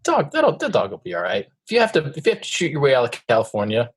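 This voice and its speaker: A man's voice: medium pitch, wildly swooping pitch, fast talker, slightly rough. A man co-hosting a podcast in casual chat, upbeat and enthusiastic. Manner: upbeat, enthusiastic, laughs often. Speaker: podcast co-host.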